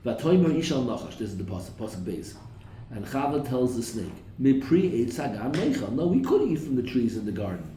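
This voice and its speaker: A man leads a Torah class, reading verses in Hebrew and turning them into English while he quizzes the room. His voice is mellow and relaxed. The room is roomy and echoey, with a faint hiss behind him. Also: mid-range voice, brisk, recorded from a distance. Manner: questions the class, quotes verses in Hebrew then translates; slips in jokes. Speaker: Torah teacher. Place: classroom with a live audience.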